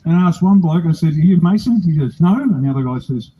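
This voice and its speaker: A man's voice: a little high, fast, husky, highs cut off. An older man with an Australian accent, giving a blunt, rousing, joking speech at an outdoor rally. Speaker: political speaker at a rally.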